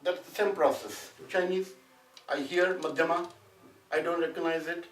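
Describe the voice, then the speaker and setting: A man's voice: on the high side, fairly even intonation, a little fast. A man from India teaching a Sanskrit class, talking loosely and conversationally and often checking with the students that they follow. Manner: conversational, often asks "you know what I'm saying?". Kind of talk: classroom lecture with discussion. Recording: echoey room, mic at a distance, faint noise.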